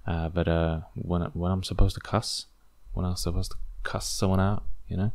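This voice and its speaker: A man's voice: sits low, level tone, moderate pace, a little mellow, no room sound. A man hosting a casual solo podcast, rambling and self-deprecating with lots of fillers, English not his first language. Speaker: podcast host.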